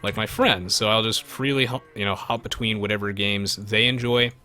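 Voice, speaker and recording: A man's voice: on the low side, moderate pace. A man live-streaming a strategy game, chatting to viewers and reading their messages. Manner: animated, chatty, jumps between game and viewers. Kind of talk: live gameplay commentary, reading chat.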